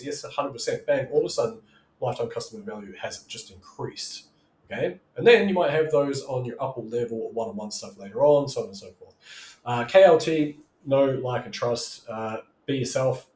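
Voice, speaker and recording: A man's voice: mid-range voice, animated, moderate pace, a little mellow. Chatty male marketing coach, echoey room. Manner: loose and chatty, keeps asking "right?", acts out customers' voices. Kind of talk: casual teaching monologue.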